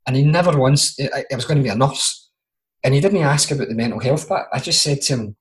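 A Glaswegian man in his forties chats on a podcast with a mid-pitched, everyday voice. He tells his stories with energy and laughs easily. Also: quick pace. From Scotland. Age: 40s. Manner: animated storyteller who acts out quoted relatives, laughing often. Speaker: podcast co-host, mental health nurse. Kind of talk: casual chat.

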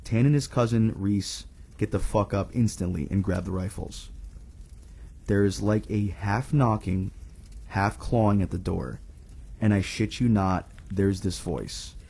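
A man's voice: lowish voice, measured pace, creaky, dark tone, a little hiss or hum. A man co-hosting a podcast, reading a scary story aloud in a casual, laid-back way full of swearing.

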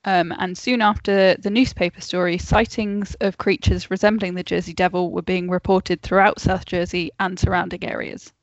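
A woman's voice: on the low side, level tone, normal speed, few pauses, no echo. Woman, podcast co-host, reading notes, casual, dry close sound, dull video-call audio. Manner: reads facts, laughs off interruptions. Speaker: podcast co-host telling the story.

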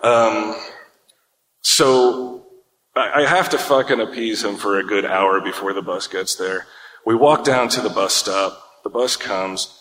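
A man's voice: fairly low pitch, measured pace, a bit bright. A man co-hosting a podcast, telling a long, rambling, profane story in casual chat and laughing along the way. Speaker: podcast co-host. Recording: echoey room with long reverb.

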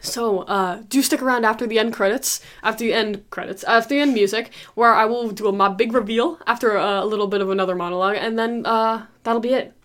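Young female podcast co-host, casual and chatty, a little high-pitched. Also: brisk, few pauses, a bit bright. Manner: rambling, laughs often, slangy. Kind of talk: casual chat.

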